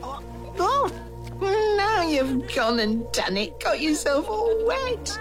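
An actor playing a working-class woman recalling her past in soft, intimate, whispered narration. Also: sits high, very animated, takes it slowly, heavily acted. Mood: playful. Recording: music underneath.

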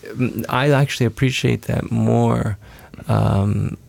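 A man's voice: mid-range voice, steady tone, slow pace, gravelly, darkish tone, no room sound. A man being interviewed as a musician, talking in an earnest, rambling way with many restarts and self-corrections. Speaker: musician guest. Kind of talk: casual interview talk.

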